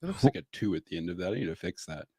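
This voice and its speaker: A man co-hosting a casual podcast, his pitch swinging up and down as he chats. He laughs easily and talks in a loose, friendly way. His voice is dry and close to the mic. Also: animated, racing, darkish tone, breathy edge, no room sound. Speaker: podcast co-host. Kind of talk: casual chat.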